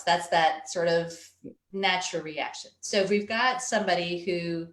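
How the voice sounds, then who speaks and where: A woman's voice: lowish voice, moderate pace, reverberant. A woman parenting coach giving an earnest webinar talk over a video call, often acting out a stressed parent's inner thoughts. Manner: earnest, explanatory, acts out quoted parent thoughts. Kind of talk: webinar presentation.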